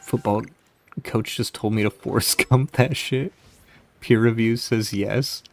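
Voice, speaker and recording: A man's voice: mid-range voice, fairly even intonation, unhurried, dry recording, faint music behind. A man on a livestream telling rambling stories to his chat, swearing freely and laughing at himself. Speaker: streamer. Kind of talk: casual storytelling to live chat.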